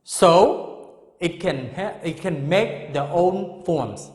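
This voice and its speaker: Lively, high-voiced male teacher. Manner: repeats example sentences slowly, checks in with "Okay?" and "Understand?". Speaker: English teacher. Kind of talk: classroom grammar lesson. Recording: echoey room with long reverb.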